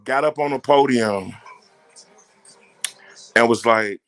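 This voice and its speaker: A man's voice: medium pitch, takes it slowly, faint music behind. A man on a casual podcast who tells stories with lots of swearing and acts out the voices of the people in them. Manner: animated, profane storyteller who acts out quotes.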